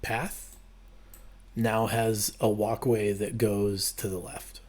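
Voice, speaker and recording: A man's voice: fairly low pitch, flat delivery, takes it slowly, darkish tone. A man acting as game master in a tabletop game, giving patient, matter-of-fact rulings.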